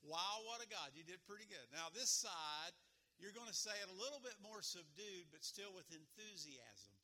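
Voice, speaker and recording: A man's voice: high-pitched, expressive, moderate pace, bright, forceful tone. A man preaching a sermon as pastor, playfully coaching his congregation.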